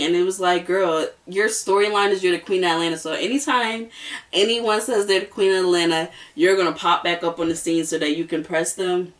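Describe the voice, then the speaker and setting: A woman's voice: mid-range voice, far from the mic. A woman hosting a casual reality-show review, sassy and emphatic, hammering her points home by repeating them. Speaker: host.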